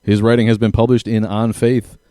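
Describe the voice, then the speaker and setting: A man's voice: fairly low pitch, level tone, a little fast, warm tone, dry recording, studio quality. A man hosting a live podcast, upbeat as he introduces his guest and reads out a bio. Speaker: podcast host. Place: small room in a downtown venue.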